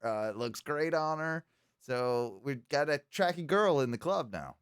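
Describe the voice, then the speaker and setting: A man's voice: medium pitch, lively intonation, measured pace, clear, resonant tone, no room sound, studio quality. A man co-hosting a podcast, telling stories casually and animatedly, with lots of fillers and restarts. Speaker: podcast co-host.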